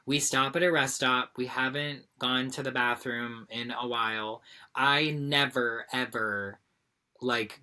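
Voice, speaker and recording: A woman co-hosting a podcast, telling a story in casual chat, animated and swearing freely. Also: rumbling low, measured pace. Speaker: podcast co-host.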